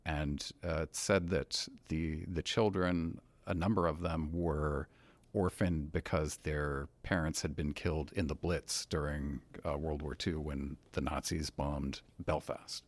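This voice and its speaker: A man from Pennsylvania with a very low voice joins a casual film podcast as a guest. He adds facts and quick jokes, and his voice sounds close and dry, with no room around it. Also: steady tone, no room sound. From Pennsylvania, USA. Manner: adds facts and quips, laughs often.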